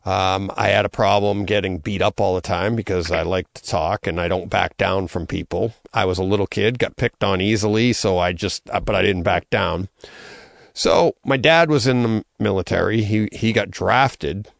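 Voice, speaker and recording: Middle-aged guy with a gravelly low voice, chatting about his life, lots of ums, dry close sound. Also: fairly even intonation, moderate pace, no echo. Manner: conversational, with many fillers and restarts. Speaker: interview guest. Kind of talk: casual storytelling.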